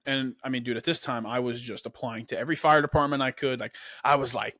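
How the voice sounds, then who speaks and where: A man's voice: medium pitch, steady tone, brisk, hardly any pauses, pushed and bright, dry recording. Laid-back young man, dry close mic. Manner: laid-back, peppers speech with "man" and "dude". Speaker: podcast host. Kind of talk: casual storytelling chat.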